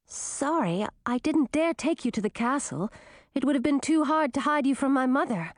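A woman's voice: sits high, animated, moderate pace, no room sound, clean studio sound, voice pushed up. A woman voicing an earnest, spirited young princess who is new to magic, a little flustered.

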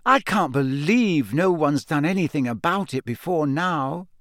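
An earnest, bossy teenage schoolgirl in an audiobook, as a man puts her on, her voice raised and full of lively swings. She talks briskly and insistently, in a dry, close studio sound. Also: on the high side, no room sound, pitched above the performer's own voice. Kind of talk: audiobook character voice.

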